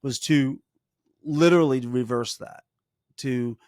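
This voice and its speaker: A middle-aged man co-hosting a casual advice chat. He talks earnestly about parenting, often restarts his sentences and slows down to stress a point. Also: medium pitch, darkish tone, no echo, clean studio sound. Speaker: podcast co-host, parent.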